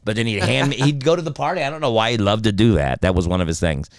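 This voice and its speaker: Guest comedian, man in his 50s, gravelly and dry, swears freely, acts out every quote. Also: fairly low pitch, fast talker, no echo. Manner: animated, profane anecdotes with voiced quotes. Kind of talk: casual storytelling. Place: podcast studio.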